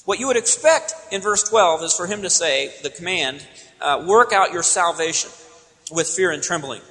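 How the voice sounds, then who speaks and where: A man's voice: fairly high pitch, animated, moderate pace, bright, forceful tone. A man preaching an expository sermon, emphatic and teacherly, asking questions and answering them himself. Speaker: pastor. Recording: long hall reverb.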